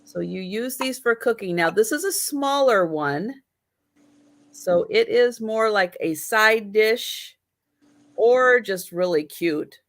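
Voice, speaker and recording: Female stream-sale host; slow, measured auction calls and item descriptions. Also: medium pitch, lively intonation. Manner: slow, patient, explaining items. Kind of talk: live-stream auction chat.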